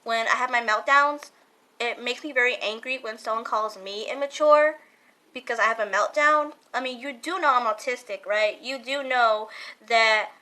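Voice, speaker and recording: A young woman vlogging a casual question-and-answer talk, earnest and halting, often repeating herself as she explains. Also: fairly high pitch, bright, forceful tone, rough recording.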